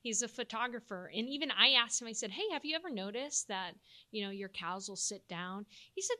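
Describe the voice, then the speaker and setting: A woman's voice: mid-range voice, fairly quick, bright, forceful tone. A woman from Texas with a Texan accent, co-hosting a casual, folksy chat about weather myths and laughing easily.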